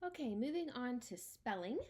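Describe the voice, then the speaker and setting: A fairly high, slightly mellow female voice with wide pitch swings kicks off a homeschool spelling class by pretending to take a phone call, then dictates each word clearly and unhurriedly.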